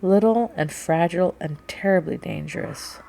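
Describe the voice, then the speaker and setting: A woman's voice: fairly low pitch, normal speed, creaky, warm tone, a little hiss or hum. A woman reading the part of a guarded male sea captain who is blunt and easily exasperated in an audiobook. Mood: reflective.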